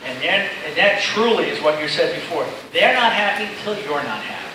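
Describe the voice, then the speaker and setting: A man's voice: a little high, expressive, a little fast. A middle-aged man giving an informal safety seminar to pilots, chatty and joking as he rambles through stories. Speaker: seminar speaker. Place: seminar room with audience. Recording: echoey room from far off, noisy.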